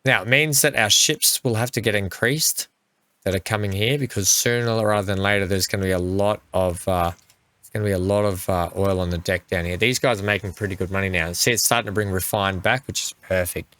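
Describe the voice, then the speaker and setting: A gaming channel host gives let's play commentary in a low-ish, bright, forceful male voice at a brisk pace. He chats casually through the playthrough and talks to the vehicles on screen.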